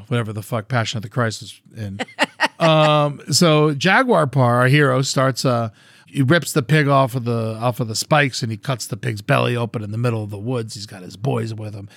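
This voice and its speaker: A man's voice: mid-range voice, gravelly, fairly bright tone, no room sound, studio quality. A man co-hosting a podcast, casually retelling a movie plot in a rambling, profane way with acted-out quotes. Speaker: podcast co-host. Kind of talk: casual storytelling chat.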